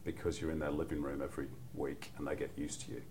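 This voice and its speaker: A man's voice: rumbling low, little pitch movement, fast talker, a little mellow, a little hiss or hum. A middle-aged man with a Mancunian accent, a football commentator chatting as a guest, rambling through anecdotes with lots of "you know" and restarts. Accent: Mancunian English. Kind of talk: relaxed podcast chat.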